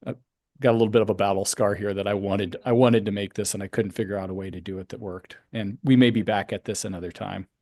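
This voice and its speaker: A man with a low, gravelly voice walks a commission through policy options, pausing and rephrasing as he thinks. The sound is dry and close, with no room around it. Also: fairly even intonation, a little mellow, no echo. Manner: explanatory, thinking aloud with fillers. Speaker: county planning staff member. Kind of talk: public meeting remarks.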